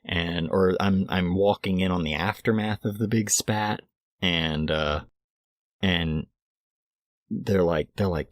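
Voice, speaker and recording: A man's voice: low-pitched, steady tone, slow, dry recording, clean studio sound. A man co-hosting a podcast, telling a long story casually with many restarts and fillers. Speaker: podcast co-host.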